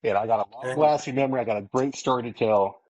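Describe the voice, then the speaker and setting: A man on a podcast, casually telling an excited story with plenty of swearing and quoted lines of his own. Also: mid-range voice, quick pace, no echo, lo-fi sound. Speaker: podcast co-host.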